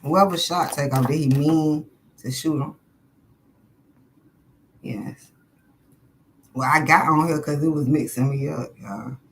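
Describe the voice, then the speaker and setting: A woman's voice: low voice, slow pace, long pauses, slight background noise, poor audio. Blunt, foul-mouthed woman reading tarot live. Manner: profane, blunt and chatty with viewers; laughs often between questions. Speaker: tarot card reader. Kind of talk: casual live-stream chat.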